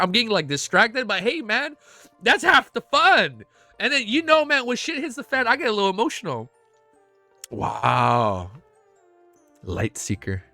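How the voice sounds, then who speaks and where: A man reacting live on stream, excitable and emotional, cursing often as he talks to chat. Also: high voice, no room sound. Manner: excitable, swears a lot, emotional. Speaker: streamer reacting to web novel fan art.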